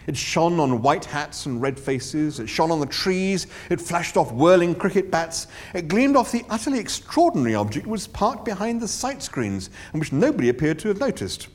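Wry, animated male audiobook narrator. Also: a little high, normal speed, hardly any pauses. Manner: wry, theatrical, with comic timing.

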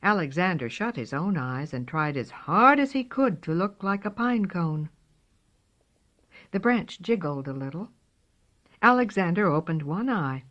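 A woman reading a storybook aloud in a slow, expressive way. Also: lowish voice. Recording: dull lo-fi recording.

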